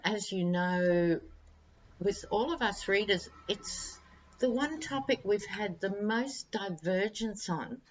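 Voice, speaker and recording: A woman's voice: fairly low pitch, dull audio. A woman, chatting wryly and directly to her viewers as a tarot-reading vlog host. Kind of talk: casual monologue to viewers.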